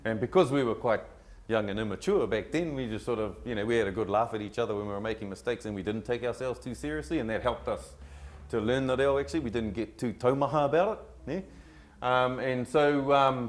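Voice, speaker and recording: A man with a New Zealand accent telling stories to a live audience in a relaxed, rambling way, mixing Māori words into his English. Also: mid-range voice. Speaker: co-presenter of a language workshop. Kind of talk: casual storytelling to a live audience.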